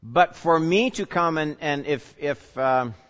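Taking it slowly in a fairly high voice, the pastor questions his congregation during a conversational sermon, moving between loud emphasis and quiet asides. Audio is dull and lo-fi, with the echo of a reverberant hall.

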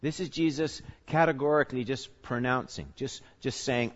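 A male pastor teaching a sermon in a conversational way, putting questions to the congregation and swinging between loud emphasis and quiet asides. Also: medium pitch, normal speed, hardly any pauses. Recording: reverberant hall, dull lo-fi sound.

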